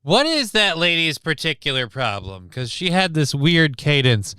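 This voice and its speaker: A man's voice: on the high side, big pitch swings, normal speed, bright, forceful tone, clean tone, no room sound, studio quality, soft background music. A man streaming casual reaction commentary on a news clip, sarcastic and rambling, reading chat comments aloud.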